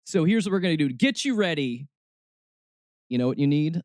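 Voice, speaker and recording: A man's voice: on the high side, animated, brisk, a little mellow, dry recording, clean studio sound. A man hosting a snarky comedic podcast, talking sarcastically and slipping into mock voices. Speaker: podcast host.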